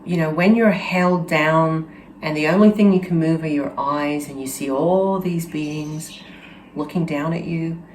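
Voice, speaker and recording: A woman host telling a personal story in an earnest, halting way, with many restarts and fillers. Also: low-pitched, fairly even intonation, a little mellow, slight background noise. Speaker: channel host. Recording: roomy echo with faint ambience.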